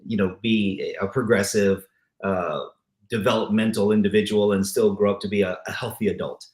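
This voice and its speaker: A man's voice: lowish voice, fairly even intonation, a little fast, a little mellow, reverberant. A man from Southern California hosting a podcast interview, talking casually with many false starts and restarts and calling his guest brother. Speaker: podcast host.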